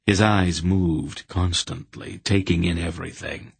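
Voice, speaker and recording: A man narrating an audiobook in a measured storytelling manner. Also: low-pitched, steady tone, vocal fry, breathy edge, dry recording.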